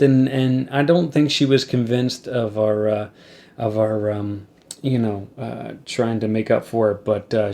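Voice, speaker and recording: A man hosts a podcast and tells a rambling, wry story about life on the road. He speaks at a middle pitch. He becomes lively whenever he acts out what other people said. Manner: wry anecdote-telling, animated when acting out quotes. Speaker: podcast host and musician. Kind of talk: casual storytelling to a guest.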